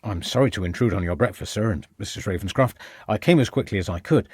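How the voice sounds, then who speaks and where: A man's voice: fairly low pitch, fast, darkish tone, husky, dry recording, studio quality. A man voicing an earnest, deferential young police constable in an audiobook.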